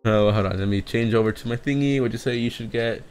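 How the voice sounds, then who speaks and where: A young man rambling in a casual live stream chat, excitable and swearing, often breaking into laughs and going off on tangents. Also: mid-range voice, fast. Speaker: streamer reacting to a music EP. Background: faint music playing.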